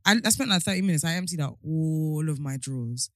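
A woman's voice: deep voice, brisk, no room sound, clean studio sound. A woman co-hosting a podcast in casual chat, telling stories and laughing often. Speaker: podcast co-host.

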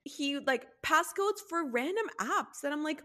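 A woman's voice: high voice, animated, measured pace, pushed and bright. A young woman in casual chat, telling stories in a blunt, profane way.

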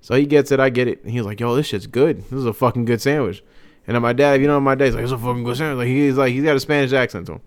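A young man chats on a podcast, spinning an everyday story. His voice is smooth and resonant at a middle pitch, and he acts out the people he quotes as he goes. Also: rapid-fire, dry recording. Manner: animated storyteller acting out quotes. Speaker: podcast co-host. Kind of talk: casual storytelling chat.

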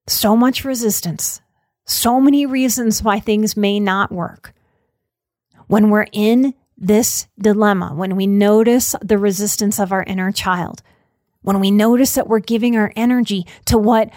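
Calm woman podcast host, dry sound. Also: medium pitch, no room sound. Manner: calm, encouraging, repeats phrases in lists. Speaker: podcast host and mental health speaker. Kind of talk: reflective podcast talk on self-help quotes.

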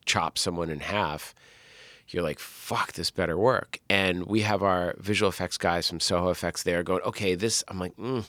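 A middle-aged film director tells behind-the-scenes stories with lively energy, dropping frequent curses and acting out what people said. His voice sits very low. The sound is close and dry. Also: moderate pace, no echo. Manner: animated storyteller, swears often, acts out quotes. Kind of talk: casual interview talk.

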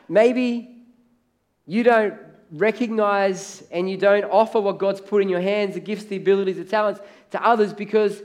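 A pastor with a high-pitched male voice delivers a sermon in an easy, conversational way. He slips into the voices of the people he quotes. He sounds middle-aged. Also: a little mellow.

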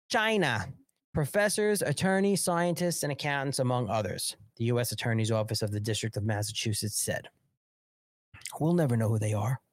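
A man's voice: mid-range voice, moderate pace, dry recording, studio quality. A man hosting a live political talk show, reading news aloud and riffing on it in a crude, mocking, sarcastic rant. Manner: reads news aloud, then riffs on it. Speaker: host.

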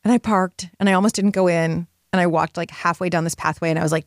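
A woman in her forties, a retreat leader and women's coach, telling personal stories in an animated way, with big leaps in pitch. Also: fast, no room sound, clean studio sound. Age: 40s. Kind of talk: personal storytelling monologue.

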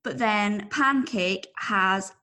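A woman's voice: medium pitch, extremely slow, sharp tone. Woman co-host, 30s, English, chatty and self-mocking, laughs easily. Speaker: podcast co-host. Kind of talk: casual chat.

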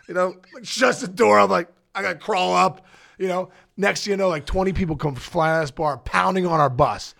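A middle-aged man, a podcast guest, telling a rambling, excitable story in casual chat and acting out the quotes with big jumps in his voice. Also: sits high, a little fast, vocal fry, no room sound, clean studio sound. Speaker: podcast guest, former baseball player.

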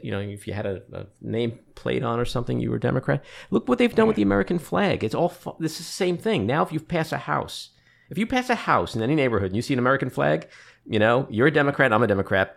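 Man, podcast host, gravelly, rambling casual chat. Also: mid-range voice. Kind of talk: podcast interview and outro.

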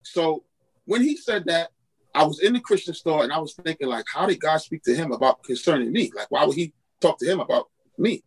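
A man tells his testimony as a podcast guest, slipping into the voices of the people he quotes. His voice sits a touch high for a man and carries a husky, slightly grainy edge. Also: brisk, poor audio. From Queens, New York. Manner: animated storyteller acting out quoted dialogue. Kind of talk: storytelling testimony in a podcast interview.

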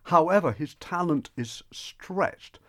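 Brief: male radio film reviewer, lively sing-song delivery, close dry studio sound. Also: on the high side, slow, no echo. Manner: enthusiastic, animated, with frequent restarts. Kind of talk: radio chat.

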